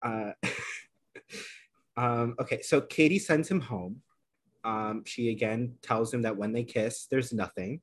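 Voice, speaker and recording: A man co-hosting a casual podcast, recapping a reality show in an animated, filler-heavy way. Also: mid-range voice, slow pace, pauses often, breathy edge. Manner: animated storytelling, many fillers. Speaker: podcast co-host.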